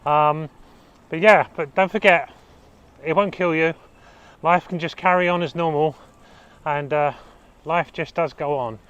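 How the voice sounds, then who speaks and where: A man's voice: on the high side, fairly even intonation, unhurried, pauses often, fairly bright tone, clean tone, highs cut off. A man vlogging casually to camera, telling his own story in a rambling way with many fillers.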